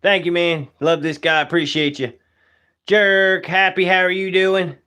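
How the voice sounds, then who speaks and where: Here the young taxidermist's voice is high-pitched, clear and resonant, with a sharp tone, a level delivery, and a slightly slow pace. He chats casually on a live stream, joking as he works. Laid-back, he greets viewers by name using Southern-style casual grammar.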